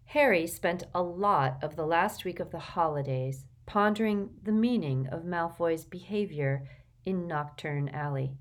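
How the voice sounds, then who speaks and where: Lower-voiced woman reading a novel aloud. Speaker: audiobook reader. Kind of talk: scripted narration.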